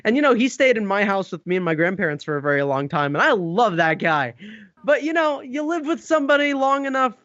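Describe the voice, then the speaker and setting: A young man, a voice actor guest on a podcast, telling funny stories in an animated way and acting out the voices of the people in them. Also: sits high, fairly quick, no room sound, lo-fi sound. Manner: animated, acts out quoted voices, laughs often. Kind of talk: casual comedic storytelling.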